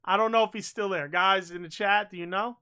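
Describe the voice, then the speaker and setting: Excitable swearing podcast guy. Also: sits high, brisk, smooth, dull audio. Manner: swears freely, says bro a lot; rambling and excitable. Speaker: podcast co-host. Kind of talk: casual chat.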